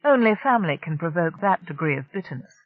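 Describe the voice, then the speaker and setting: Smooth, menacing crime enforcer, read by an audiobook narrator. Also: medium pitch, lively intonation, phone-quality sound, lightly acted. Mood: cool menace. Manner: smooth, measured and quietly threatening.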